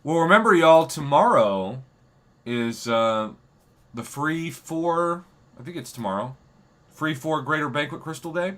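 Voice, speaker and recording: A hoarse man hosts a casual livestream in an upbeat, rallying way. His voice sits fairly high and swoops up and down a lot. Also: expressive, unhurried, a bit bright. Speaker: livestream host.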